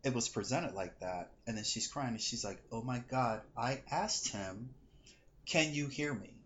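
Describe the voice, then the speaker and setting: A man's voice: medium pitch, normal speed, dull audio, slight background noise. A man co-hosting a casual podcast as a psychic reader, telling stories animatedly and acting out what people said. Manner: animated storytelling, acts out quoted dialogue. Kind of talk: casual chat, storytelling.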